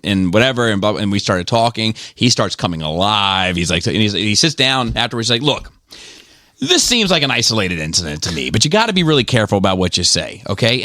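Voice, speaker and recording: A man from Maryland with a low voice tells casual stories on a podcast, swearing freely and acting out the people in them. His voice is recorded dry and close, with no room sound. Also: quick pace, no room sound. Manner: profane, animated retelling with quoted voices. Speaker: podcast host. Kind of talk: casual storytelling.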